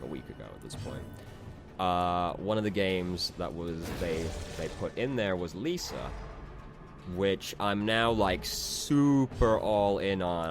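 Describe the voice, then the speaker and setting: Deep-voiced man rambling over game music. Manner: rambling, self-interrupting, casually profane. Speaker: let's play host. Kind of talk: casual gameplay commentary. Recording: game music playing underneath.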